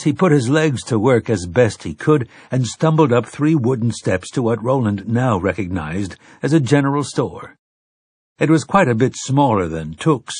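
A man reading an audiobook aloud, telling the story in a measured, dramatic way. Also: on the low side, a little mellow, slightly rough, dry recording, clean studio sound. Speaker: audiobook narrator. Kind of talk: scripted narration.

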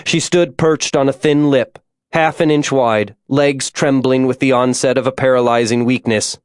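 A man reading an audiobook in a measured, scripted narration. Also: mid-range voice, fairly even intonation, smooth, no room sound, clean studio sound.

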